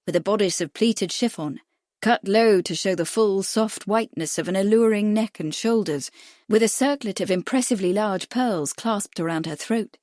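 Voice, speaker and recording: A woman reads a mystery novel aloud in a steady, measured storytelling voice. Her pitch sits in the ordinary middle range, and the recording is close and completely dry, with no room sound at all. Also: no echo. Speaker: audiobook narrator. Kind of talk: scripted narration.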